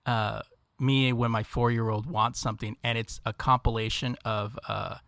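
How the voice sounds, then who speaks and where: A man's voice: mid-range voice, flat delivery, normal speed, vocal fry, a bit bright, dry recording. Male podcast co-host, casual, giggly and easygoing; dry close recording. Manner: laughs often, easygoing, rambling. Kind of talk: casual chat. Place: at home.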